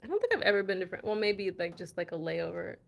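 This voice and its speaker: A woman's voice: fairly low pitch, big pitch swings, fast, creaky, slight background noise. An American woman hosting a casual live chat, reading viewer comments aloud and laughing often between words. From United States. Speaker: host of a language channel.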